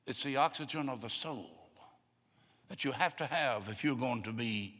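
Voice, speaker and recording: A man's voice: mid-range voice, normal speed, a bit bright. Older male pastor in a reverberant church. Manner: folksy storytelling, acts out voices of people he quotes. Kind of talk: sermon. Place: church sanctuary. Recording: long hall reverb.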